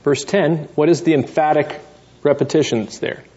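A man's voice: fairly high pitch, steady tone, normal speed, mellow. A male seminary professor leading a classroom Bible lesson, putting questions to students by name and thinking aloud as he goes. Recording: dull lo-fi classroom recording.

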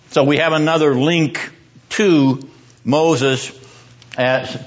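A man's voice: medium pitch, muffled recording. A man teaching a seminary class on the Bible, quizzing his students and driving points home by repeating them.

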